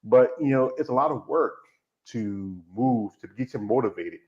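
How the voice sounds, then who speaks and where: A man's voice: mid-range voice, lively intonation, normal speed, a little mellow. A man hosting an interview, talking casually and rambling with half-finished sentences. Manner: rambling, easygoing, trails off mid-sentence. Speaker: interview host. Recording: dull lo-fi recording.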